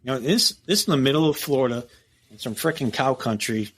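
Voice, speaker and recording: A middle-aged man from the United States, a former prison captain, telling a story as a podcast guest in a casual, profane, animated way. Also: mid-range voice, fairly quick, breathy edge. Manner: profane, animated storytelling, acts out quoted dialogue.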